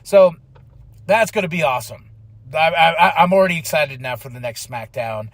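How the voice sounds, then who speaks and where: A man hosting a podcast, chatting casually and excitedly, acting out other people's lines in quick voices between plenty of fillers. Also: a little high, no echo. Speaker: podcast host recapping wrestling. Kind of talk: casual chat.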